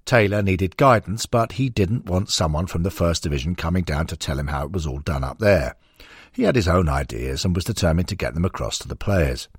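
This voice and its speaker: Male audiobook narrator, low and husky, measured storytelling, dry close recording. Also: no room sound.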